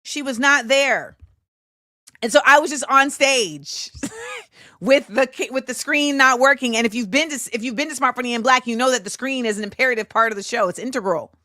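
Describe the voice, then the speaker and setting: A woman, hosting a show and telling a story in a casual, animated way. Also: high voice, fairly quick, no echo, clean studio sound. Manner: animated, acts out quoted voices, laughs often. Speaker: show host.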